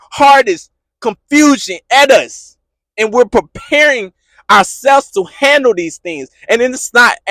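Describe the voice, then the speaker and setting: This podcast host talks about faith in a motivational, passionate way, repeating himself and breaking into shouting at his most fervent moments. His voice is high with a bright edge, and the sound is close and dry, with no room sound at all.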